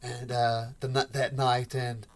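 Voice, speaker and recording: A game master voicing a brisk dwarf shopkeeper woman. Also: mid-range voice, flat delivery, natural voice. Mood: chatty. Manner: brisk, bossy, folksy. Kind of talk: tabletop role-play voice.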